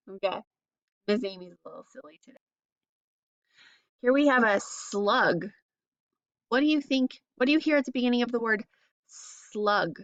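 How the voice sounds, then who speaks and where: A woman teaching phonics to young children, sounding out letters slowly and asking encouraging questions. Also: medium pitch, a bit bright, no room sound, highs cut off.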